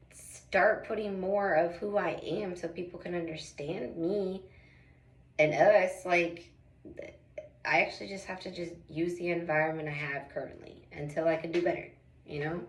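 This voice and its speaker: A woman's voice: lowish voice, recorded from a distance. A woman who is a mother, rambling through an emotional confessional vlog in casual slang, close to tears. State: tearful and emotional. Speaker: vlogger, mother. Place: small bathroom. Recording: echoey bathroom, voice off-mic.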